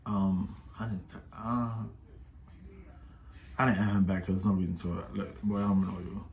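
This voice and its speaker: A young man casually telling a personal story to camera in loose slang, getting louder and livelier when he quotes the people in it. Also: low-pitched, moderate pace, slight background noise. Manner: slangy, animated when quoting others. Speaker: storytime vlogger.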